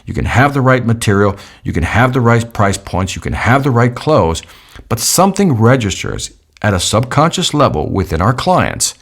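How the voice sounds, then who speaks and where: A middle-aged man giving a sales training talk, emphatic, repeating key points and acting out customer and presenter lines. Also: on the low side.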